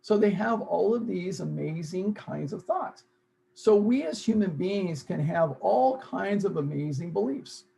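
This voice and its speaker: A man's voice: high voice, creaky, a little mellow, slight background noise, poor audio. A man leading a self-help seminar, earnest and repeating key phrases for emphasis. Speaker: seminar leader.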